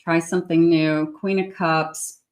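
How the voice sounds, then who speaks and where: A woman giving a love tarot reading, speaking straight to the viewer in an encouraging way with frequent pauses and fillers. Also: sits low, flat delivery. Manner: warm, encouraging, talks directly to the viewer with many fillers. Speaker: tarot reader.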